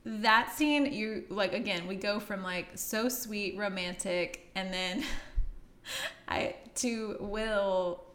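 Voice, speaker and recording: A woman's voice: medium pitch, takes it slowly, fairly bright tone, reverberant, slight background noise. A woman co-hosting a casual movie review chat, laughing often and trailing off mid-sentence. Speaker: podcast co-host.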